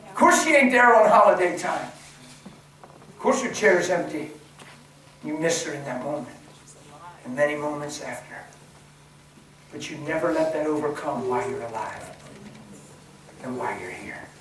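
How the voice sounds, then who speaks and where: A man preaches, his voice a little high for a man. He moves from hushed, near-whispered lines to loud, excited bursts. He is recorded from a distance in a big, echoing church hall with faint noise behind. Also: a little slow, pauses often. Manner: passionate, swings from hushed to shouting. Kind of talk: sermon. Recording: echoey hall, voice from far off.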